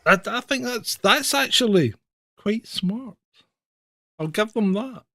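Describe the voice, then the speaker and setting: A man's voice: sits high, animated, slow pace, pushed and bright, no room sound. A man co-hosting a livestream news roundup, talking bluntly and sarcastically, swearing and laughing at his own jokes. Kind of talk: casual sarcastic banter.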